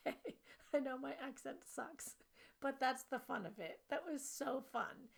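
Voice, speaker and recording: A woman self-help coach giving an animated, playful instructional video lesson. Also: fairly high pitch, creaky.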